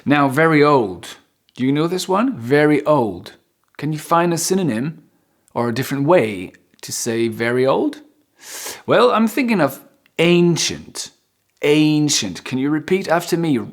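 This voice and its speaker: A man's voice: on the high side, animated, unhurried. A man teaching English vocabulary, repeating each new word for learners. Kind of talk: vocabulary lesson.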